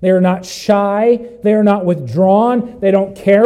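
An emphatic male preacher with a high yet mellow voice. He repeats phrases, asks his listeners questions, and swings from loud cries down to low, intense stretches. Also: expressive, a little slow, hardly any pauses, poor audio. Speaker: pastor. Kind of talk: sermon.

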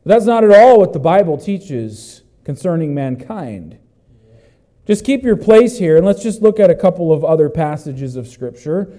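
A male pastor preaching in a high, mellow voice. He explains scripture steadily, then breaks into loud exclamations. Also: big pitch swings, moderate pace. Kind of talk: sermon.

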